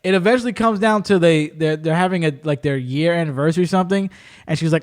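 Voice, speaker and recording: A man hosting a podcast, telling stories in an animated way, acting out quotes and laughing often. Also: on the high side, fast talker. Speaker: podcast host. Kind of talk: casual chat.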